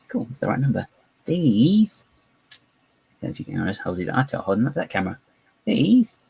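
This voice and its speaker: A man's voice: fairly low pitch, gravelly, darkish tone, slightly rough, poor audio. A man chatting live while building, rambling, giggly and self-mocking. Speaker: live-streaming LEGO builder.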